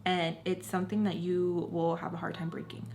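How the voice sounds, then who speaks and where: A woman's voice: fairly low pitch, flat delivery, normal speed, darkish tone, slight background noise. Young woman telling a storytime, filler-heavy. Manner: profane, emphatic, constant "like" fillers. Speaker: storytime vlogger. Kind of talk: casual storytelling.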